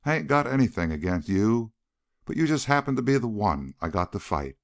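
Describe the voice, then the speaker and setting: A man voicing a huge, simple, calm young mountain man who talks in a plain, blunt backwoods drawl for an audiobook. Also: fairly low pitch, brisk, vocal fry, dry recording, clean studio sound. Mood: resolute. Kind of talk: audiobook character reading.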